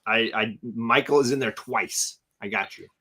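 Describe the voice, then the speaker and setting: A man's voice: medium pitch, normal speed, bright, forceful tone. Rambling male livestream host. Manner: rambling, many fillers, thanks donors by name. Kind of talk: casual livestream chat.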